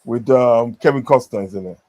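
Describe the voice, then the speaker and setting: A man's voice: medium pitch, a little fast, warm tone, lo-fi sound. A man chatting casually on a stream, rambling with many fillers and repeated phrases. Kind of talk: casual chat.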